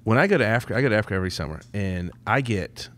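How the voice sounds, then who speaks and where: A man's voice: on the low side, animated, rapid-fire, a bit bright, a little hiss or hum. A man co-hosting a podcast, chatting casually and making his points emphatically. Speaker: podcast co-host.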